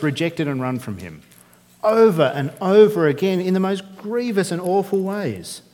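Pastor preaching in a reverberant hall. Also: male voice, a little high, a little mellow. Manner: conversational preaching, rhetorical tag questions. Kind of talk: sermon. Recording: long reverb of a church hall.

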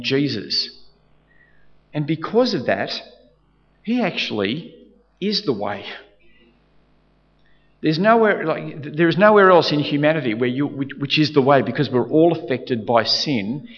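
A man delivers a sermon in a fairly high voice, hammering his points home through repetition and frequent restarts. His voice carries a long reverb, as if filling a large hall, and the recording sounds a little dull. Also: lively intonation, unhurried. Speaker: preacher.

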